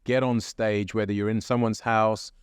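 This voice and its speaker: A man hosting a casual podcast interview, asking questions in a relaxed, conversational way. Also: on the low side, moderate pace, smooth, dry recording, studio quality. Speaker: host, head of brokerage.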